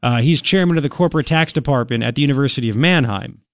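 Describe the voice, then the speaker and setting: A man's voice: mid-range voice, fast talker, dry recording. A man hosting a talk radio show, rambling and opinionated with a sarcastic edge, speaking into a studio microphone. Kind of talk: casual talk radio commentary.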